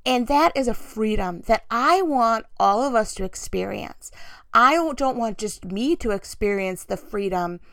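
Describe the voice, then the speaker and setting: A young woman speaks openly about her faith, confessional and unguarded. Her voice sits a little high with a gravelly edge. The sound is dry and close, with no room around it. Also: expressive, measured pace, dry recording. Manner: candid, confessional, warm storytelling with laughs. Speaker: christian vlogger. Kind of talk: personal devotional talk.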